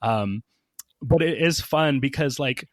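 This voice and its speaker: A man's voice: medium pitch, slow, no room sound, studio quality. A man guest on a podcast, casually telling a story with lots of "like" and "um" and acting out the people he quotes. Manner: chatty, many fillers, acts out quoted people.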